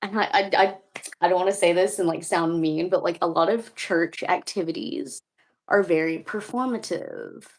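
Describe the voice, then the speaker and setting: A woman's voice: fairly low pitch, moderate pace. A young woman chatting casually, telling stories with lots of laughter and fillers. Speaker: co-host in a conversation. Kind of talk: casual chat.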